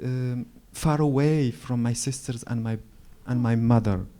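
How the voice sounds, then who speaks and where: On stage at a literary gathering, a Moroccan writer in his forties whose native tongue is Moroccan Arabic reflects through storytelling. The delivery is slow and mellow in a mid-range voice, broken by frequent pauses, restarts and searches for words.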